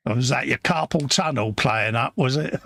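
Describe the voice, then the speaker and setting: A man's voice: medium pitch, takes it slowly, gravelly, a bit bright, no echo. A man with a London accent hosting a live stream, reading out chat messages and joking with viewers, calling everyone mate. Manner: jokey, matey, calls everyone mate. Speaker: livestream host reading chat.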